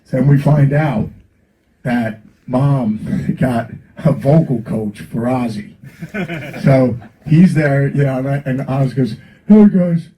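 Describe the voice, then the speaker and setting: A man's voice: mid-range voice, takes it slowly, warm tone, slight background noise, poor audio. A man, the guest musician at a Q&A, telling rambling stories full of fillers and laughter. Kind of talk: casual storytelling to an audience. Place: record store event.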